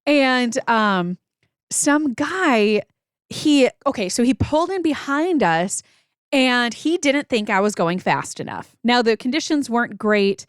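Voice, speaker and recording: A woman in her thirties, a podcast co-host, telling a story in a casual faith chat, animated and laughing often. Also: on the high side, slow, clean tone, no room sound, studio quality.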